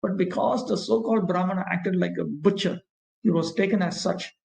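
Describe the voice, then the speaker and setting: A man teaching a scripture class, reading verses, chanting Sanskrit slowly, and explaining with many pauses and fillers. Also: high voice, gravelly, darkish tone. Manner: frequent fillers and pauses, repeats points. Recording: echoey room.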